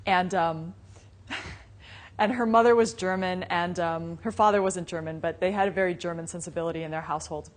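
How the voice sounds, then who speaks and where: A woman's voice: on the low side, steady tone, moderate pace. A woman teaching a live meditation class. She talks casually and tells stories with light laughter. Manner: casual and conversational, many "you know"s and asides; storytelling with frequent light laughter. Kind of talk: live Buddhist dharma class talk.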